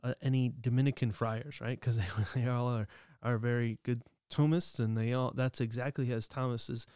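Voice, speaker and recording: A man's voice: mid-range voice, fairly even intonation, moderate pace, darkish tone, clear, resonant tone, dry recording, clean studio sound. A man co-hosting a religious podcast, talking through ideas casually with many restarts, fillers and small chuckles. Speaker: podcast co-host. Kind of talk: casual reflective commentary.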